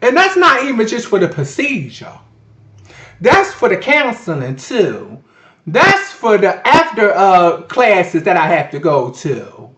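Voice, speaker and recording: A man's voice: high voice, wildly swooping pitch, takes it slowly, a bit bright. A man vlogging to a webcam in an indoor room, telling a story casually, chatty and profane. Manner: profane, chatty, addresses viewers as "Miss Girl". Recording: echoey, dull lo-fi webcam audio.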